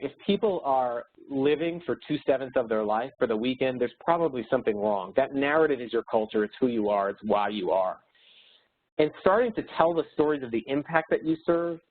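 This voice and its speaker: A man in his thirties giving a motivational webinar talk, earnest and upbeat, coaching his listeners with anecdotes. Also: mid-range voice. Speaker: webinar speaker. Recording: phone-like narrow sound.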